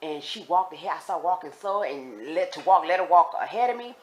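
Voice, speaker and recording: A woman telling viewers a personal story in a casual, animated way, speaking straight to them and repeating herself for emphasis. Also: fairly low pitch, brisk, slight background noise.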